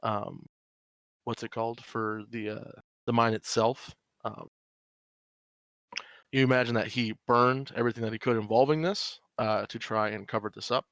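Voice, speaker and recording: A man narrating as game master of a tabletop horror game, talking in halting stretches with many fillers. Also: mid-range voice, steady tone, a bit bright, dry recording. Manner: halting, full of fillers and restarts.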